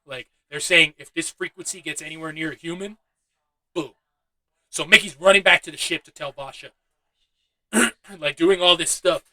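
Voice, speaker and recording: A man's voice: fairly high pitch, moderate pace, pauses often, bright, forceful tone, no room sound, low-quality recording. A young man giving a loose, chatty movie review, swearing freely and laughing at his own asides. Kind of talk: casual spoken film review.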